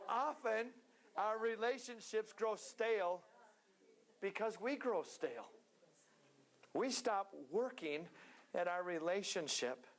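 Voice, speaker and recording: A man preaching a sermon in a church, earnest and steady, now and then slipping into joking asides. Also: high-pitched, slow, pauses often.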